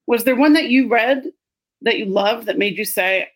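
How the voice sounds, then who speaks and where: A woman's voice: on the high side, moderate pace. A woman co-hosting an interview, upbeat and asking questions. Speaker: co-host. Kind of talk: casual interview chat.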